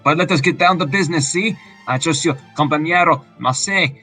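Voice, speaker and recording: A man's voice: fairly high pitch, pushed and bright, soft background music, poor audio. A man voicing a flamboyant young male fox prince in a put-on Spanish accent, grandiose and theatrical. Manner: grandiose, theatrical, drawn-out words.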